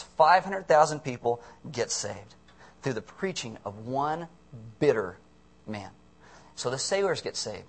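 A young man preaching a sermon, animated and sarcastic, acting out quoted voices. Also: medium pitch, slightly rough. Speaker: pastor.

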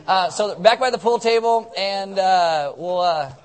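Here a pastor speaks in a high-pitched voice, a little slowly. Drowsy from cold medicine, he leads the church service with a rambling, joking, self-mocking casual sermon full of announcements.

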